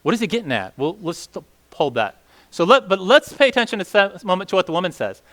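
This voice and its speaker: A man's voice: high voice, sing-song, fast, fairly bright tone. A man leading a casual Bible teaching session, talking conversationally with many fillers and asking the group questions.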